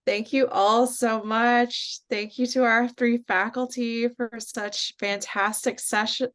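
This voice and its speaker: Woman host, slow and smooth, gracious thanks. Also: fairly high pitch, level tone, fairly bright tone. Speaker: program host. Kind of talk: closing thanks.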